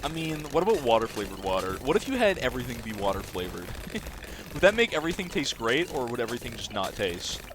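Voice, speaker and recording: A man's voice: mid-range voice, sing-song, fast talker, noisy background. A young Canadian man streaming a game from home, rambling and chatting casually with his viewers and laughing often, with game music behind him. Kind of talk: casual gaming commentary to chat.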